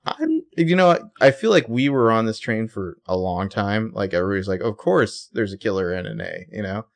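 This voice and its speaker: A man with a low, gravelly voice leans back into loose, casual chat as a podcast co-host. He talks in a relaxed way, laughs easily and drops a curse now and then. His voice sits low and rough throughout. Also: fairly quick. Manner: laid-back, laughs often, swears casually. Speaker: podcast co-host recapping a TV episode.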